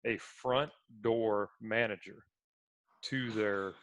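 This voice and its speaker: A man's voice: fairly low pitch, fairly even intonation, takes it slowly, fairly bright tone, slight background noise. A man co-hosting a sports podcast, chatting casually and laughing his way through a story. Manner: storytelling, laughs while talking. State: feeling sick. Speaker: podcast co-host. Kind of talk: casual chat.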